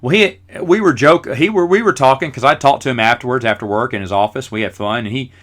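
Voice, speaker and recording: A man's voice: medium pitch, fast, fairly bright tone. A middle-aged man hosting a podcast, telling rambling, self-mocking stories in a casual way. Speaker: podcast host. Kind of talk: casual storytelling.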